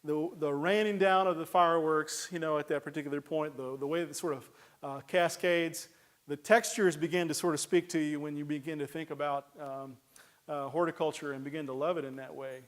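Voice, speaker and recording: A man's voice: on the high side, fairly even intonation, a little fast. A man giving a casual, folksy lecture on garden plants, rambling with many uhs and restarts. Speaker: horticulture lecturer. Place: lecture hall.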